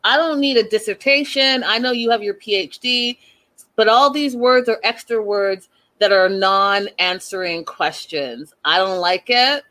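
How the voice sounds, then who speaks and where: A woman hosting a reality TV recap, giving sassy and animated opinions and repeating her points for emphasis. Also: mid-range voice, unhurried, poor audio. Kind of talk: casual opinionated commentary.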